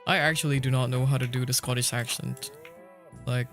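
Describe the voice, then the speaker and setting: A man's voice: mid-range voice, fairly even intonation, a little fast, a bit bright. A young man streaming a game, chatting casually with his viewers, rambling and laughing often. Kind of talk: casual livestream chat while gaming. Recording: faint background music.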